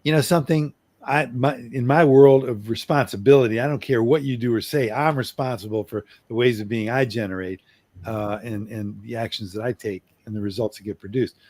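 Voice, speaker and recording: A middle-aged man coaching on communication, acting out an apology in an earnest way and slowing down for emphasis. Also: medium pitch, fairly even intonation, darkish tone, no room sound. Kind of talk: role-played apology demonstration.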